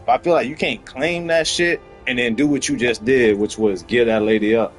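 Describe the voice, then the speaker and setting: A young man hosts a loose podcast chat, his voice sitting in a middle register. He tells stories with heat and plenty of swearing, rising into loud bursts. Faint music plays in the background. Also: mid-range voice, steady tone, moderate pace, rough recording. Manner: heated, profane storytelling that climbs into loud outbursts. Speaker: podcast host. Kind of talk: casual chat.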